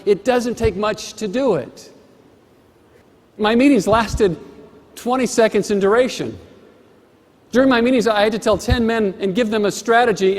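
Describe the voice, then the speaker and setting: A man giving a motivational keynote speech with emphatic, rhythmic repetition, on a stage microphone in a large conference hall. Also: sits high. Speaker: motivational speaker. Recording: long hall reverb.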